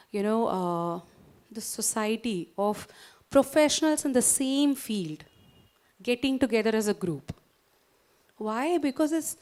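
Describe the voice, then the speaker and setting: Higher-voiced Indian English woman lecturing. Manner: warm, coaxing, interactive, asks the audience questions. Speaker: guest speaker at a doctors' society. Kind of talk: motivational lecture with guided exercise.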